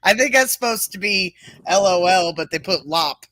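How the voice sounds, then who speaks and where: A woman's voice: fairly low pitch, expressive, normal speed, a bit bright. A woman hosting a casual livestreamed podcast, reading out and answering chat comments. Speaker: podcast host.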